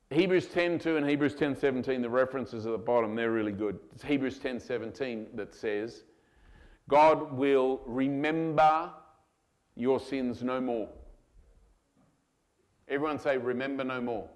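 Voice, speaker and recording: A male pastor preaching a sermon to his congregation, animated and given to acting out voices. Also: medium pitch, brisk. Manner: animated, acts out voices of God and children. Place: church hall.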